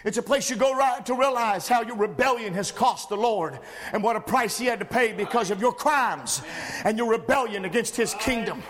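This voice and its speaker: A man preaching a sermon with rising passion, breaking into shouted lines punctuated by "uh" breaths. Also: very high-pitched, normal speed, hardly any pauses.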